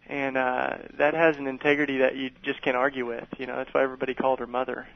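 A man's voice: medium pitch, level tone, fast, gravelly, dry recording. Earnest man with frequent restarts. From East Tennessee. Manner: earnest, stumbling restarts, laughs at his own stories. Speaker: guest. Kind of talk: conversational radio interview. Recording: dull lo-fi radio sound.

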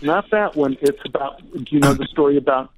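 A man's voice: fairly high pitch, brisk. A man in his sixties, an actor and author, telling stories in a chatty way as an interview guest. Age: 60s. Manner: warm storyteller, chatty. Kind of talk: casual interview storytelling. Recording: tinny phone line.

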